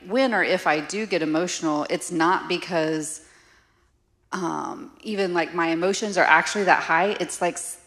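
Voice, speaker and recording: A middle-aged woman, co-teaching a church marriage class in a candid, animated, conversational way. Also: lowish voice, moderate pace. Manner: candid, animated, laughs easily.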